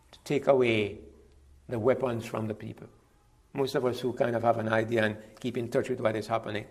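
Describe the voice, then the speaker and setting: A middle-aged man from Jamaica, talking in a conversational monologue, emphatic and repeating words as he builds a point. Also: medium pitch. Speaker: interviewee.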